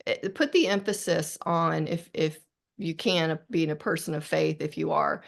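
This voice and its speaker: Low gravelly-voiced middle-aged woman. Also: normal speed. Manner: earnest, reflective, with frequent restarts. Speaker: author guest. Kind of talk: podcast interview.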